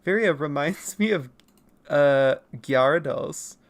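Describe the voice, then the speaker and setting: Lively, gravelly-voiced late-night art streamer. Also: slow pace. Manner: rambling, chatty, laughs often; consciously holds voice higher than natural. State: up late, nearly four in the morning. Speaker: artist streamer answering chat questions. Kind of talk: casual livestream chat while drawing.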